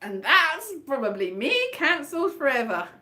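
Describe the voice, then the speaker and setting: A woman's voice: high voice, sing-song, moderate pace, sharp tone. A woman hosting her own online fringe show, rambling chattily and self-mockingly, half singing her talk over a guitar. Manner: chatty, meandering, sing-song, self-mocking.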